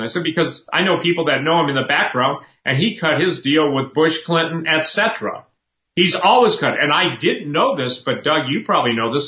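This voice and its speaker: Fervent preaching man, bright and roomy. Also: fairly high pitch. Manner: fervent, emphatic, repetitive. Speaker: talk show host. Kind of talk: impassioned preaching commentary. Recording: roomy, dull lo-fi sound.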